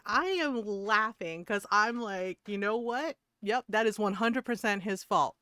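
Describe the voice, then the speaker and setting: A woman streamer telling a story in casual chat, profane and animated, laughing often. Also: a little high, measured pace.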